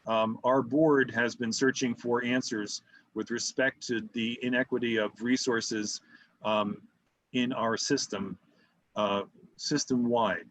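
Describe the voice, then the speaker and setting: A man's voice: medium pitch, fairly even intonation, slow pace, a bit bright. A man on a community board speaking at an online meeting, hesitant, with many fillers and restarts. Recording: dull, muffled call audio.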